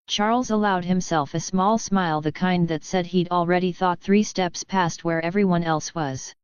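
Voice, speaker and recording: Woman reading a web novel out loud, lowish smooth voice, dry dull sound. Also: steady tone, normal speed, no room sound. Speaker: audiobook narrator. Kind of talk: scripted narration.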